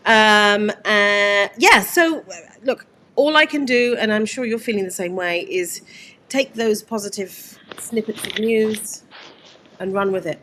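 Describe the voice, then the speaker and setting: Woman host, upbeat, conversational, mid-pitched. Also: a little slow, sharp tone, a little hiss or hum. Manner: conversational, upbeat, many fillers. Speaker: host, executive producer. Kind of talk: casual live interview.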